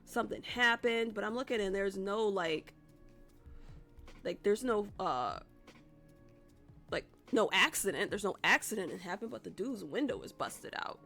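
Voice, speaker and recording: A woman streamer rambles through a story for her chat, cursing casually and circling back when she loses her thread. Her voice carries a gravelly edge. Faint music plays beneath. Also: medium pitch, lively intonation, unhurried, pauses often, fairly bright tone. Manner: chatty, profane, rambling with restarts.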